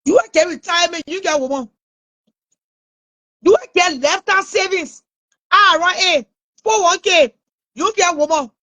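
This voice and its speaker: A woman's voice: very high voice, measured pace, pauses often, bright, forceful tone. A woman with a Liberian English accent, ranting and scolding someone online with mocking laughs. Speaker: online commentator. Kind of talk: taunting live rant.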